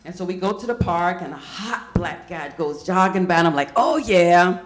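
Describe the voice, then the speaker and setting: A woman's voice: lowish voice, brisk. A woman from Indiana doing a stand-up comedy set, chatty and quizzing the crowd with questions. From Indiana, USA.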